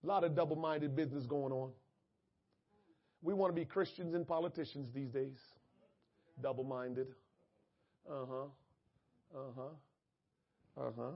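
A man preaching a sermon, moving from quiet, low asides to shouted, drawn-out scripture lines. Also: fairly even intonation, lo-fi sound. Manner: drawn-out emphatic scripture reading. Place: church.

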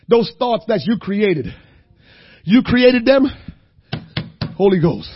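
A man preaching a sermon, moving from quiet, low passages to shouted, crying exhortation, and he breaks his phrases with "uh". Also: expressive, slow, pauses often, breathy edge. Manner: punctuates phrases with "uh".

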